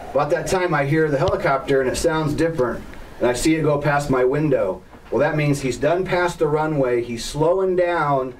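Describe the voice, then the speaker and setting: A man who teaches helicopter flying, telling stories in a plainspoken, blunt way with firm opinions. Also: fairly high pitch. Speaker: helicopter flight instructor. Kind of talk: casual storytelling to an online group. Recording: slightly distant mic with faint background noise.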